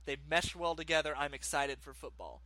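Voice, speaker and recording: Bright-voiced man ranting about sports. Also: on the high side, a little fast, dry recording. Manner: animated, ranting opinions. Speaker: podcast co-host. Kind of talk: casual sports chat.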